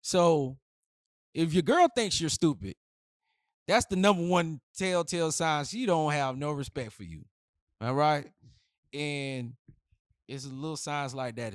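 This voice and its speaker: Man, blunt preachy advice, slangy, mid-pitched, dry close sound. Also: a little slow, dry recording. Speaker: relationship advice host. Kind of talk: casual advice monologue.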